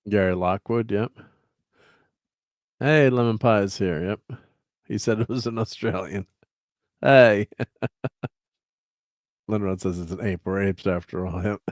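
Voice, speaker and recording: Low-voiced man hosting a casual livestream. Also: slow, pauses often, dry recording, clean studio sound. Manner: rambling, chuckling, filler-heavy while fiddling with slides. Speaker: host.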